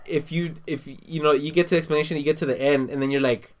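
A man's voice: on the high side, steady tone, fast talker. A man co-hosting a podcast in casual chat, rambling with lots of fillers. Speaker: podcast co-host.

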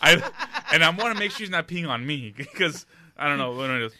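Bright-voiced man telling a crude story. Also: on the high side, animated, fairly quick. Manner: profane, laughing storytelling. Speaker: storyteller in casual podcast chat. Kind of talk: casual chat.

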